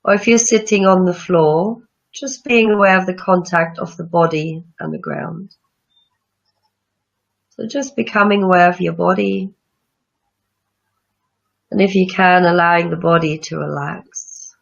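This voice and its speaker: A woman yoga teacher leading a guided breathing meditation with slow, soothing instructions. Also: lowish voice, creaky. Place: room with chairs, not a studio. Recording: dull lo-fi sound.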